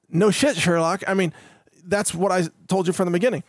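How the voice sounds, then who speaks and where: A man's voice: high voice, a little fast, no room sound. Rambling male podcast host, dry sound. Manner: rambling, self-interrupting with repeated words and restarts; chuckles between points. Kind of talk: casual solo podcast monologue.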